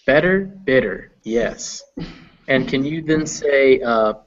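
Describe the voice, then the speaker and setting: A man's voice: medium pitch, slow pace. A man coaching pronunciation over voice chat, patient and encouraging, his explanations padded with ums and uhs. The audio is dull and lo-fi. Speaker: English pronunciation teacher. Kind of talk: online pronunciation lesson.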